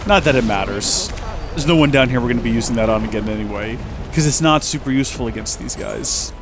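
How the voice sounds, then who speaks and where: A man hosting a let's play, talking through his game in a chatty, rambling way. His voice sits at an ordinary middle pitch, and he keeps up a jokey flow of commentary. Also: expressive, fast, over music. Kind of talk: gameplay commentary.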